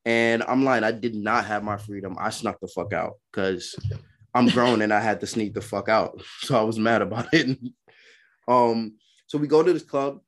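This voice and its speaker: A man's voice: lowish voice, normal speed. Laid-back young man telling stories. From Brooklyn. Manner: animated, laughing, acts out voices in quotes. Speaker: podcast co-host. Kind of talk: casual storytelling chat.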